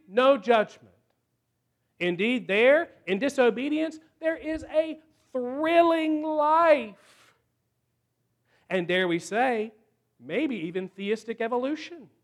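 A man preaching a sermon, slow and emphatic, with dramatic pauses between phrases. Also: high-pitched.

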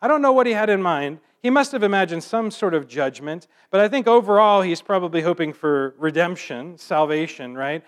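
A man giving a sermon, reading scripture aloud and then explaining it in a relaxed, conversational way. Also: sits high, a little fast, few pauses. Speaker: preacher.

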